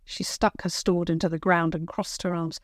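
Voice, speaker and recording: A woman narrating a children's storybook in a gentle, clear read-aloud manner. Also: on the low side, little pitch movement, moderate pace, dry recording, clean studio sound.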